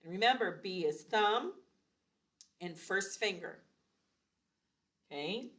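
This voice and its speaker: A woman's voice: mid-range voice, animated, slow pace, fairly bright tone. A woman teaching a children's recorder lesson, patiently explaining and chanting rhythms aloud. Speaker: music teacher.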